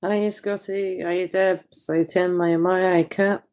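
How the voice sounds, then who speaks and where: A woman's voice: lowish voice, little pitch movement, slow, very noisy. A woman leaving a heartfelt, emotional voice message to a podcast, swearing now and then.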